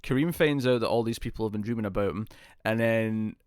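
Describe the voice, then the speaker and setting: With a lowish, slightly mellow, clean voice and a brisk pace, this British man co-hosts a podcast reviewing TV shows. He rambles in a casual, chatty way, performing characters' lines and laughing, all in clean, dry studio sound.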